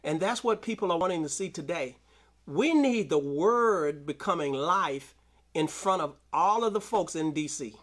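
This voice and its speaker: Male preacher, high voice, AAVE, sermon delivery with call-outs. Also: lively intonation, normal speed. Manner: preaching with call-outs and scripture reading, rising to shouts. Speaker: pastor.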